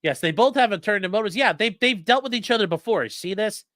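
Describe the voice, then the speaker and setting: A man talking on a live stream, with a lively, bouncing delivery and a bright, forceful tone that sits a touch high. He talks bluntly and swears freely, like a working lawyer reacting to chat. The sound is dry and close, with no room echo. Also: fast talker. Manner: profane, blunt, animated.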